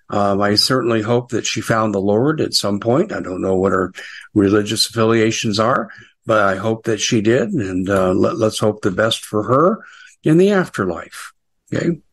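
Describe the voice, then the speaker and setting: A middle-aged American man hosting a casual political commentary show, chatty and sarcastic with frequent asides. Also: on the low side.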